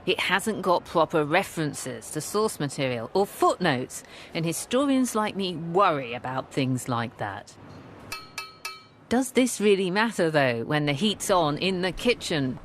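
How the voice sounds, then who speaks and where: A woman's voice: lowish voice, a little slow, slight background noise. A woman historian and curator presenting and narrating a documentary with keen enthusiasm. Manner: enthusiastic, expressive.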